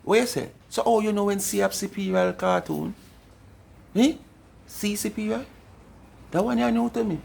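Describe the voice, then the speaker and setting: A man's voice: high-pitched, moderate pace, vocal fry, long pauses, a little mellow. A Jamaican man hosting a reaction commentary, asking mocking, incredulous questions. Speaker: commentary channel host.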